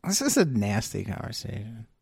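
A man's voice: fairly low pitch, sing-song, moderate pace, gravelly, a little mellow, husky, no room sound, studio quality. A man co-hosting a podcast, teasing his partner with wry jokes in casual chat. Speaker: podcast co-host.

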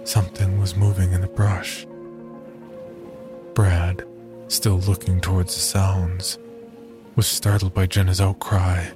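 A man narrating a horror story in a slow, measured, somber way. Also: low-pitched, completely flat delivery, over music.

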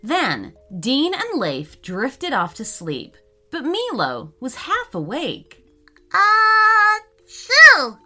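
A woman narrating a children's story in a slow, expressive read-aloud manner. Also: fairly high pitch, faint music behind.

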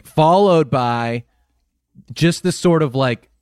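Deadpan mock-serious podcast man. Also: a little high, slow, clear, resonant tone, no room sound, clean studio sound. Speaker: podcast host. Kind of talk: comedic podcast banter.

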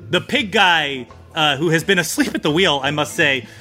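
A man's voice: fairly high pitch, moderate pace, sharp tone, faint music behind. A man narrating as game master of a tabletop role-playing game, loose and playful, often laughing.

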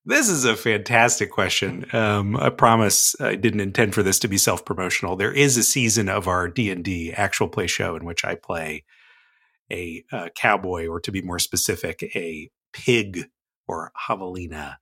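A man guests on a podcast, speaking in a lowish, bright voice. He chats casually and slips in deadpan jokes. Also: moderate pace, breathy edge.

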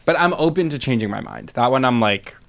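A man's voice: mid-range voice, lively intonation, fairly quick, gravelly, a bit bright. A man co-hosting a comedy podcast, chatting casually in a rambling, self-deprecating, playful way. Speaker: podcast co-host.

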